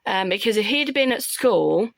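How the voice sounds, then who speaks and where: A woman's voice: mid-range voice, moderate pace, vocal fry, no room sound. Mum in her 30s chatting about her kids, acts out their voices, dry close sound. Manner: animated storytelling, acts out her kids' voices. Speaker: parent vlogger. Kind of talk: casual chat.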